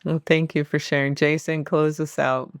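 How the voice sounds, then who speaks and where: A man hosting a podcast, giving steady, encouraging closing words to listeners. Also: fairly high pitch, normal speed, clean tone, no echo, clean studio sound. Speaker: podcast host. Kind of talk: casual podcast talk.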